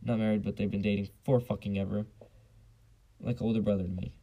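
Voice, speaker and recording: Gravelly, dark-voiced young man ranting. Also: lowish voice, fairly even intonation, brisk, low-quality recording. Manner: blunt, profane, rambling with many fillers. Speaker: podcast host. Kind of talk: casual solo podcast rant. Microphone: basic home mic.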